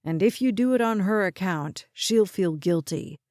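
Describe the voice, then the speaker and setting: A woman voicing a patient, level-headed man who keeps his tone steady and reassuring. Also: medium pitch, no room sound, clean studio sound, natural voice. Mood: calm. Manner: quiet, measured, soothing. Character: steady, patient younger man, calm and careful.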